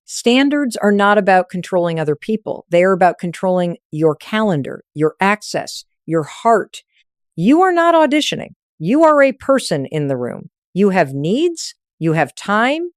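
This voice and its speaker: A relationship advice speaker, a woman, delivers a scripted motivational monologue on relationships in a clean, dry studio recording. Her medium-pitched voice is very animated yet a little slow, direct and emphatic in punchy short sentences.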